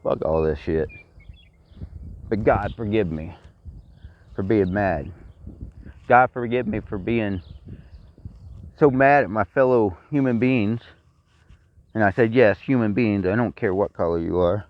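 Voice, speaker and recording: A middle-aged vlogger from Texas, speaking with a Texan accent, delivers a blunt, profane personal rant full of repeated complaints. His voice is on the low side, unhurried, with frequent pauses, and the recording is dry with a dull lo-fi sound.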